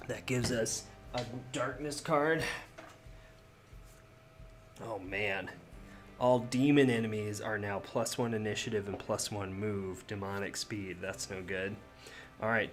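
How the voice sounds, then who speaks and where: A man's voice: on the low side, fairly bright tone. A man casually playing a solo tabletop game, reading out cards and reacting aloud to his dice rolls. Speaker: solo game player and host.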